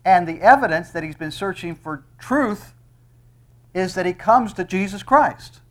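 Emphatic high-voiced male preacher. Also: expressive, a little slow. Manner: emphatic, rising on quoted verses. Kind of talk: expository sermon.

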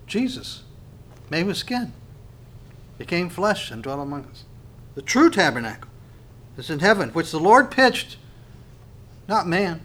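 A man's voice: fairly high pitch, expressive, sharp tone. Man preaching with rising and falling force. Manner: preaching with sweeping rises and drops in volume, slow emphatic phrases; restarts and repeats words while thinking aloud. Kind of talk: sermon.

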